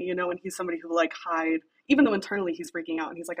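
A woman's voice: fairly low pitch, fairly even intonation, very fast, hardly any pauses, slightly rough, poor audio. A young woman guest on a podcast, chatting casually and animatedly about her writing, laughing often and acting out lines. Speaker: podcast guest, fanfic writer.

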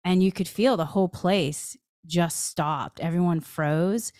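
Woman host with a low-ish, smooth voice who tells stories with lively, acted-out dialogue. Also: unhurried, no room sound, clean studio sound. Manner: animated, acts out her own dialogue. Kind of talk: personal storytelling.

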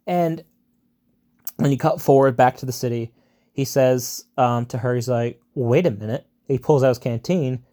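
A man's voice: medium pitch, fairly even intonation, normal speed, dark tone. A man casually retelling a film plot in a rambling way, with many fillers and asides.

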